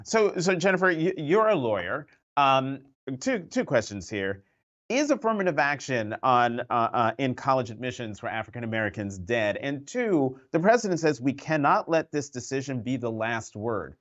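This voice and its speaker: A man's voice: mid-range voice, sing-song, moderate pace, fairly bright tone, highs cut off. A man hosting a political roundtable, speaking conversationally and sometimes stumbling or repeating words as he sets up questions. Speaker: host.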